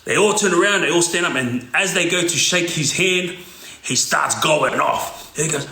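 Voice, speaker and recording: A man's voice: a little high, moderate pace, creaky, sharp tone. A middle-aged man, casually telling a story and checking in with "yeah?". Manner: casual, asks "yeah?" often. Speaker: former gang member telling stories. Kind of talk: storytelling monologue. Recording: echoey room.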